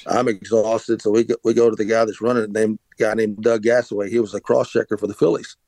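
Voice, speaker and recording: A man's voice: lowish voice, flat delivery, fast, mellow, no echo. Middle-aged man telling a story casually. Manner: rambling, many restarts and "uh"s. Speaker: podcast host, former pitcher.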